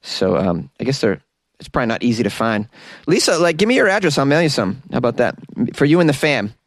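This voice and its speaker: A man's voice: mid-range voice, very animated, quick pace, no echo. A man hosting a casual solo podcast, reading listener messages in a chatty, easygoing way with lots of fillers and restarts. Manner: breaks into laughter. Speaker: podcast host.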